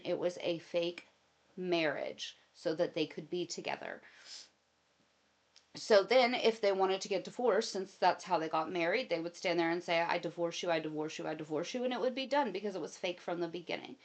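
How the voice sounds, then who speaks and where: A woman's voice: on the low side, moderate pace. A woman hosting casual commentary, giving opinions and telling long personal anecdotes. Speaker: commentary host.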